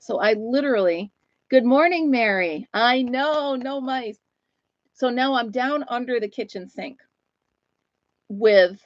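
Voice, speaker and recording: A woman's voice: mid-range voice, darkish tone, no echo. Chatty woman telling stories on a dry, dull stream. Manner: chatty storyteller, greets viewers by name mid-story. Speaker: host of a live chat stream. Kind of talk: casual live-stream chat.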